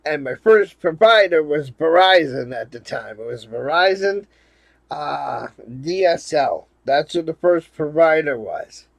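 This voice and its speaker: Rambling profane man, slightly high voice. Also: expressive, a little slow, creaky, no echo. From Rhode Island, USA. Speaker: vlogger. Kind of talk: casual storytelling monologue.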